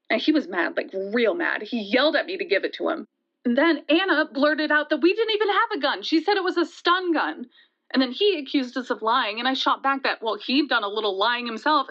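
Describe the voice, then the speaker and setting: A shaken young woman, played by an actress, tells her story in a fairly high voice, halting and stumbling over repeated words. The audio drama sound is dull and lo-fi. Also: fairly bright tone. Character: shaken young woman retelling a deadly night.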